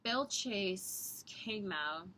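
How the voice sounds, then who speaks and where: Keeping her voice down so nobody in the house wakes up, a young Southern Ontario woman rambles through a profane, casual vlog review of a wrestling show. She speaks very slowly, with lively intonation and a bright, forceful tone. There's a little hiss or hum.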